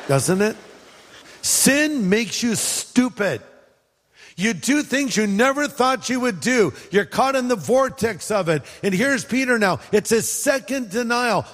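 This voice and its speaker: A man from California, a pastor preaching a sermon in a conversational way with joking asides. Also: high voice. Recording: long hall reverb.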